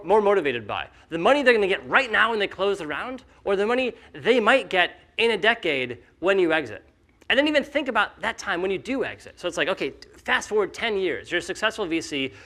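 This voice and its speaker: A man speaking casually at a conference, animated and full of fillers, acting out the skeptics he quotes. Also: high voice. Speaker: company founder speaking at a conference.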